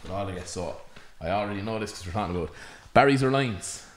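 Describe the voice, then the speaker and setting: A man's voice: lowish voice, expressive, fast talker. An Irish man hosting, firing off teasing questions and laughing a lot in casual chat. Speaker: host. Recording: echoey room, faint noise.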